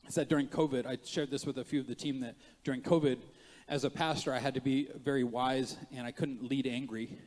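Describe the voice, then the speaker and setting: A man preaching a sermon as pastor, moving between quiet asides and loud emphatic rises, with joking self-mocking moments. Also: mid-range voice, steady tone, fairly quick, hardly any pauses, long reverb tail. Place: church sanctuary.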